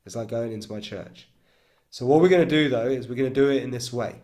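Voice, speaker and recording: A man's voice: medium pitch, quick pace. A man guides a breathwork and chanting practice in an easy, reassuring way. He demonstrates the tones himself between his explanations. He keeps checking in with his listeners as he goes. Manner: calm coaching with frequent "okay?" and "right?" check-ins. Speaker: breathwork coach.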